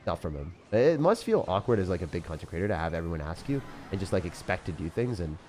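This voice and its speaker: A laid-back young man with a fairly low voice, chatting loosely with his stream viewers. He drops dude and bro all the time and laughs easily. Soft music plays faintly under his talk. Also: very animated, fast talker. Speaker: game streamer. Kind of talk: casual live-stream chat.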